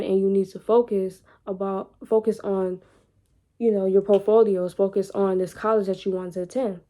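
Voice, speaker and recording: A woman's voice: mid-range voice, mellow. A young adult woman vlogging, telling a personal story in an informal, candid way and repeating phrases for emphasis.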